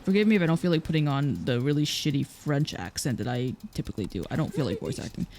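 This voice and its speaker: A let's play streamer giving casual, rambling commentary while playing a painting game. They talk in a low-energy, mumbling way and fill their talk with "like". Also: expressive, fast talker, a little mellow, a little hiss or hum.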